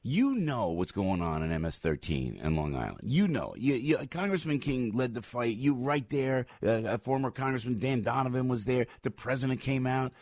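A man with a New Jersey accent hosting a radio talk show, loud and pushy, repeating his points in a hard sell. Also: mid-range voice, very animated, moderate pace, hardly any pauses, no echo, clean studio sound. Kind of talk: live ad read and interview. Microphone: studio mic.

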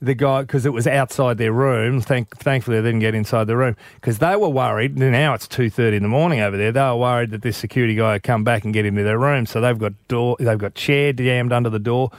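Aussie male breakfast host, mid-pitched, chatty, dry studio mic. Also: steady tone, fast talker, few pauses, no echo. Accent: Australian. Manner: chatty, storytelling. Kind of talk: casual radio banter. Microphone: studio microphone.

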